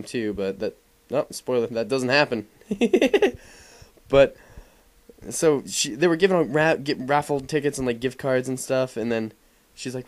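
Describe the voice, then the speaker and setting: A man's voice: medium pitch, normal speed. A young man giving casual, rambling voice-over commentary over gameplay, full of fillers and swearing. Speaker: gaming commentator.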